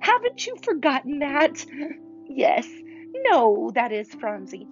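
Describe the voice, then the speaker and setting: A woman voicing an eager, bustling older girl who is the big sister, talking brightly and exclaiming often. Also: sits high, very animated, takes it slowly, muffled recording, faint music behind, pitched above the performer's own voice, heavily acted.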